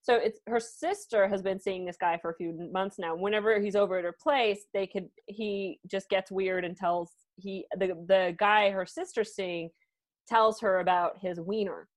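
A woman's voice: medium pitch, steady tone, moderate pace. A woman co-hosting a comedy dating-advice podcast, reading out listener questions and laughing often. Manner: giggly, reads listener questions aloud. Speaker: podcast co-host. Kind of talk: casual comedic chat.

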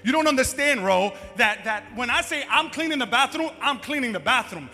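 A man's voice: extremely high pitch, animated, a little fast, sharp tone, full character voice. A man voicing an exasperated wife who scolds her husband about chores, in an insistent, scolding manner. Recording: echoey hall, faint music.

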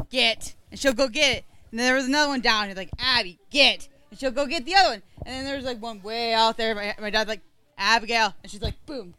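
A woman's voice: a little high, pushed and bright, clean tone. A woman telling a casual story with animation, acting out the voices of the people and the dog she quotes.

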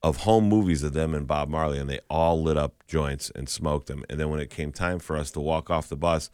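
A man's voice: a bass voice, brisk, a little mellow, clear, resonant tone, dry recording. A man co-hosting a casual radio show, cracking wry jokes and telling stories. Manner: wry, joking storyteller. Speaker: radio co-host. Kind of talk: casual banter and anecdotes.

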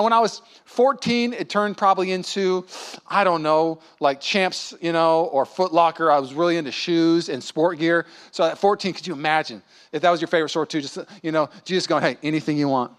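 Pastor, male, 30s, sermon delivery, high voice, lively storytelling with voiced quotes. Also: a little fast. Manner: animated, acts out voices in quotes.

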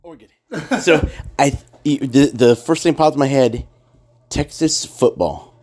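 A man's voice: mid-range voice, moderate pace, dark tone. A man in casual podcast chat, rambling and emphatic, swearing freely as he makes his points.

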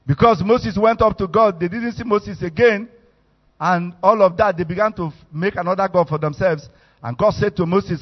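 A man with a Nigerian accent preaching a sermon, animated and storytelling as he acts out the quotes. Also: high voice, moderate pace. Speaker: bishop, preacher. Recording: echoey hall, muffled sound.

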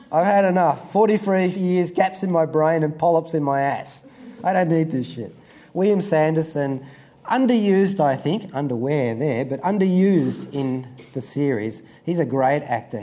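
Mellow-voiced man chatting enthusiastically. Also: mid-range voice. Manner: enthusiastic, amused, rambling with fillers. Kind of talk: casual review commentary.

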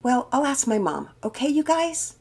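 A woman's voice: high voice, sing-song, moderate pace, creaky, voice pushed up, full character voice. An older woman voicing a curious young girl who asks eager questions. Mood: hopeful. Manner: bright, questioning.

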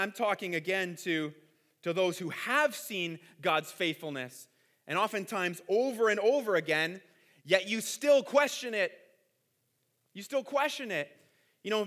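Earnest, bright-voiced male pastor preaching. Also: sits high. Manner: earnest, conversational preaching, repeats words, many asides. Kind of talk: sermon.

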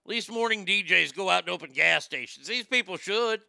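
A middle-aged man hosting a comedic show segment, ranting loudly and profanely and repeating himself. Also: high-pitched, fairly quick, vocal fry, no echo, clean studio sound. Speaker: show host.

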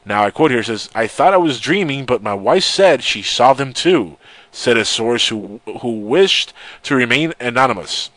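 A man's voice: mid-range voice, lively intonation, normal speed, fairly bright tone, no echo. A man hosting a radio talk show, reading a news story aloud and mocking it with sarcastic asides. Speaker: radio host. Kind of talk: casual joking radio chat.

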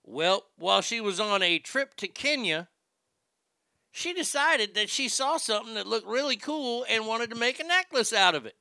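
A man hosting a comedy show, riffing through news commentary in a profane, animated way. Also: high-pitched, moderate pace, gravelly, no echo, studio quality.

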